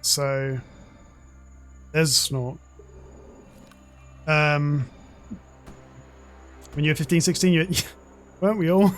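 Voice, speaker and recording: A man's voice: a little high, slow, pauses often, faint music behind. A man in his forties chatting casually while gaming, rambling and swearing freely as a streamer.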